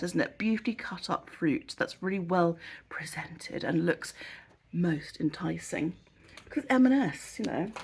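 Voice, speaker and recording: A woman with a British accent, chatting casually through a food haul vlog in a rambling, self-mocking way. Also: mid-range voice. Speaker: haul vlogger. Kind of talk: casual chat.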